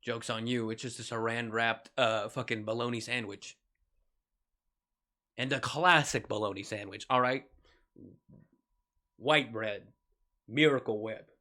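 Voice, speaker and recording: A man's voice: mid-range voice, fairly even intonation, measured pace, long pauses, sharp tone. A young man streaming a video game, chatting casually with lots of jokes, swearing and laughter. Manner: rambling, joking, swearing, laughing often. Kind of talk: live gameplay commentary.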